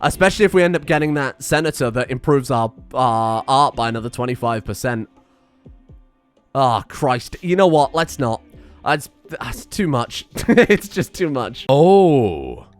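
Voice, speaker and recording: A man's voice: medium pitch, sing-song, measured pace, faint music behind. A man hosting a let's play, rambling and self-mocking with plenty of swearing. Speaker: gaming channel host.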